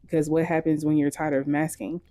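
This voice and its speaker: A woman's voice: sits low, flat delivery, brisk, warm tone, no echo. A woman giving frank, scripted commentary in a video, blunt and swearing casually.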